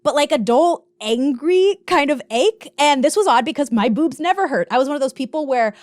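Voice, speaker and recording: Woman podcast host, high voice, animated and joking, dry close studio sound. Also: moderate pace, no echo. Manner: animated, jokey, confessional. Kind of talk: casual storytelling.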